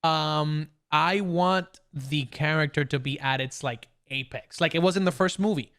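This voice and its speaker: A young man co-hosting a podcast over a video call, talking in an excited, rambling way with many restarts. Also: a little high, measured pace. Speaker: podcast co-host. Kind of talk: casual chat.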